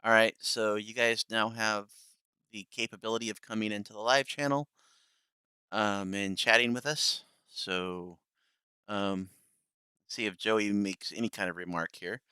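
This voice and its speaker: A man's voice: fairly low pitch, fairly even intonation, unhurried, bright, forceful tone, smooth, no room sound, clean studio sound. A man hosting a live stream in casual, rambling chat, full of fillers and chuckles. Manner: rambling, laughing, many fillers. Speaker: streamer host.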